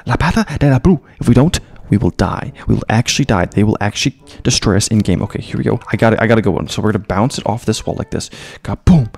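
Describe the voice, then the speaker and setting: A man giving excitable, jokey gameplay commentary as a gaming YouTuber, throwing in mock-Spanish phrases. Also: lowish voice, vocal fry.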